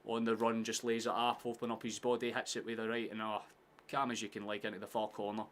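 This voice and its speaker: A man hosting a live football watchalong, chatting casually, swearing often and shouting at big chances. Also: lowish voice, monotone, fast talker, heavy background noise.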